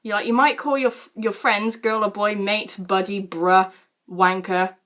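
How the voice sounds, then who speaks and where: A British woman in her late teens telling a story to camera in a casual, animated way, with lots of fillers and casual swearing. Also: medium pitch, measured pace. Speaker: vlogger.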